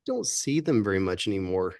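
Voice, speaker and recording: A man's voice: sits low, big pitch swings, brisk, darkish tone. A man hosting a podcast, mostly reacting with short remarks while his co-host tells a story. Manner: brief backchannel reactions. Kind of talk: casual chat, short replies.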